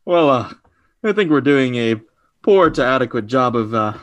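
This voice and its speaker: A young man co-hosting a podcast, joking with dry, deadpan humor. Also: medium pitch, normal speed, no room sound. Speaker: podcast co-host. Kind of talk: casual podcast banter.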